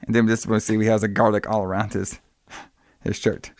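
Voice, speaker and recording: A man's voice: on the low side, level tone, quick pace, no echo, studio quality. A man in casual chat, rambling through a film plot scene by scene. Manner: rambling retelling with acted-out quotes. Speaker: podcast co-host recapping a film.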